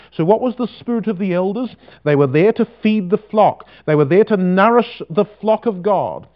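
A man preaching a sermon, reading scripture slowly with emphasis and asking rhetorical questions. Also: sits high, lively intonation. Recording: dull lo-fi recording.

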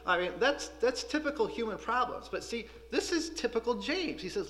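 A man teaching a Bible school class, preaching in an animated, conversational way. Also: extremely high pitch, normal speed, hardly any pauses. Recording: echoey room.

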